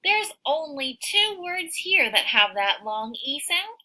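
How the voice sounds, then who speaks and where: A woman teaching a phonics lesson to young children, sounding out words slowly and cheering her listeners on. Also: sits high, low-quality recording. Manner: slow, sounds out words, animated encouraging teacher voice.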